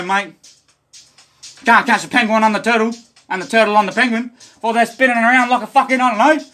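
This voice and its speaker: Australian man, livestreamer; rambling and profane, higher tense voice. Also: bright, forceful tone. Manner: rambling, profane, stream-of-consciousness. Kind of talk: rambling monologue.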